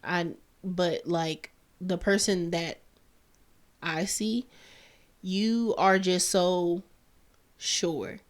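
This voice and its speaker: Lower-voiced woman talking earnestly. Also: fairly even intonation, extremely slow, pauses often. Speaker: podcast co-host. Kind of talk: casual chat.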